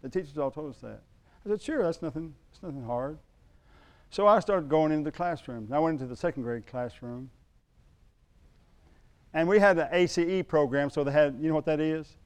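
A middle-aged man preaching a sermon, telling a personal story in a folksy way that swings from loud to hushed. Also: fairly high pitch, brisk, pauses often. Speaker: pastor.

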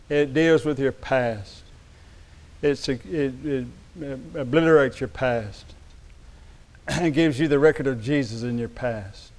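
A man's voice: mid-range voice, a little slow. A man preaching a sermon as pastor, speaking emphatically and calling on the congregation to respond.

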